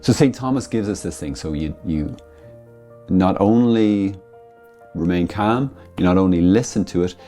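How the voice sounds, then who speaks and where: A man's voice: sits low, measured pace, soft background music. A man, a Catholic priest, giving a conversational spiritual talk, explaining with everyday family examples and acting out quoted voices. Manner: acts out quoted voices with lively rises.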